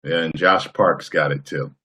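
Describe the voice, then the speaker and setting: A man hosting a casual live stream, chatting with viewers in a playful, boastful way and breaking into loud whoops. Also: rumbling low, fairly even intonation, moderate pace, breathy edge.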